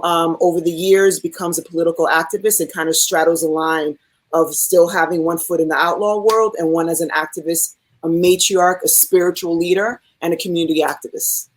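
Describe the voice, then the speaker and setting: Halting, low-voiced woman from New York City. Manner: halting, with many fillers and restarts. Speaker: filmmaker and panelist. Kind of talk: casual self-introduction. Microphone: video call.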